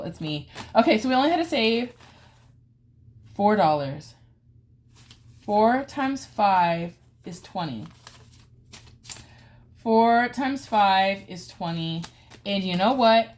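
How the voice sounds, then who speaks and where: A woman's voice: medium pitch, a little hiss or hum. Chatty woman vlogging savings games. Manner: chatty, dramatic groans and cheers over dice rolls. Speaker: budgeting channel host. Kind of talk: casual savings challenge vlog.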